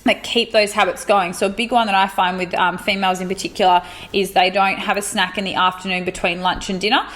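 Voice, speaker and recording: A woman with a mid-pitched voice talks as a podcast co-host and coach. She explains things at length, piling up example after example in an easy, casual way. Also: level tone, fairly quick, few pauses, a bit bright. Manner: explains with long lists of examples. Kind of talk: casual chat.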